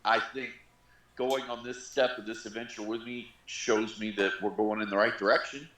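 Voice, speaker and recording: A man's voice: fairly low pitch, steady tone, normal speed, a bit bright. A man playing his character in a tabletop game, speaking in an earnest, reassuring way. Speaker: player. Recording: roomy, faint noise.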